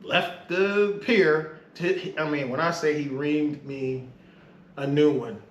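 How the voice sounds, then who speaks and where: A man's voice: a little high, steady tone, takes it slowly, muffled recording. A middle-aged man, a retired Navy master chief, telling a story as a podcast guest. He talks casually, laughs often and swears freely. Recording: echoey room.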